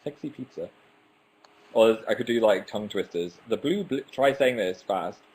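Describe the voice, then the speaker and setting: A man's voice: fairly low pitch, moderate pace, darkish tone. A young man hosting a casual livestream, chatting and reading out viewer comments, self-mocking and tripping over his words now and then. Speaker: livestream host. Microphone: webcam.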